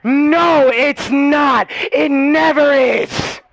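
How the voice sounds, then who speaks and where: High, gravelly ranting male gamer. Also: very slow, dry recording. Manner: ranting, profane, shouting. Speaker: gaming streamer, military veteran. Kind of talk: heated voice-chat argument while gaming.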